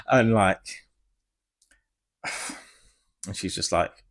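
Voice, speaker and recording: Guy rambling thru a spoiler review, gets worked up, swears a lot, lowish voice. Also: moderate pace, long pauses. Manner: excitable, rambling, swears freely. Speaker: film reviewer.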